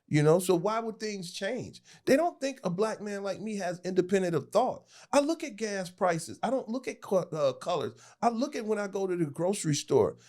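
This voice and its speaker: Animated man, fairly high voice. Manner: animated, laughing, mimics voices. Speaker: podcast guest. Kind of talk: casual political chat.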